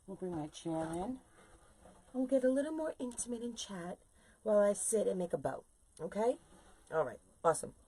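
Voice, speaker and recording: A middle-aged woman hosting a live stream, chatting to viewers in a lively, casual way while she makes a wreath bow. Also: medium pitch, normal speed, pauses often, husky. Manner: chatty, animated, talks to viewers while working. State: sore legs from standing. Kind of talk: casual chat while crafting on a live video.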